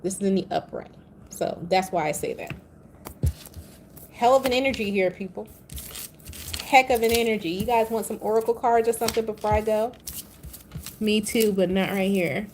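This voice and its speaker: A woman reads tarot cards in a loose, casual way, cursing freely and wandering into playful tangents. Her voice sits at an ordinary middle pitch, with a faint hiss of background noise under it. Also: moderate pace, long pauses, darkish tone. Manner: blunt, profane, chatty and playful. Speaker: tarot reader.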